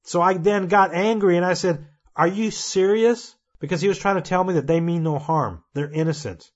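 An earnest man preaching about his prophetic dreams, his speaking voice sitting a little higher than most men's. He builds into fervent, emphatic warning, and the recording sounds dull and lo-fi. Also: brisk. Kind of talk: impassioned prophetic monologue.

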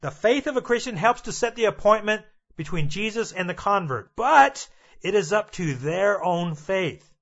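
High-voiced man preaching emphatically. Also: expressive, moderate pace, a bit bright, highs cut off. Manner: emphatic, repetitive, addresses listeners directly. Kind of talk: sermon.

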